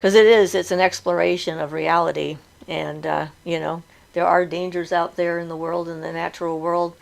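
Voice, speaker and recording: A middle-aged woman hosts a relaxed live chat in a low, gravelly voice. She is chatty and laughs easily, and she breaks off to read viewer comments aloud. Her speech is loose and conversational, with plenty of fillers. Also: moderate pace.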